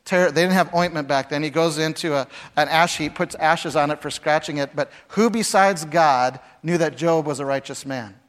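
A man in the pulpit with a somewhat high voice delivers a dramatic sermon. He lurches from shouted, acted-out lines to low, quiet passages, telling the story with lots of energy. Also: moderate pace, few pauses. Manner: dramatic, acts out voices with big swings from shouting to hushed. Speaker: pastor.

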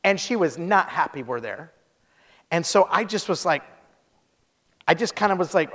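A man preaching a sermon, telling stories with lively acted-out quotes. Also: on the high side, normal speed, pauses often. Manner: animated storytelling, acts out quotes in character voices. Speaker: pastor. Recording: long hall reverb.

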